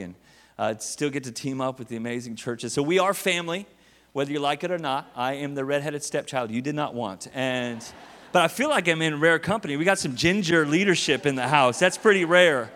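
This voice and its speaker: Fired-up preacher in an echoing church. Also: male voice, a little high. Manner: energetic, joking preaching with rising exclamations. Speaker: guest preacher. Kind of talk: sermon. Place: large church auditorium. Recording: long hall reverb with faint music.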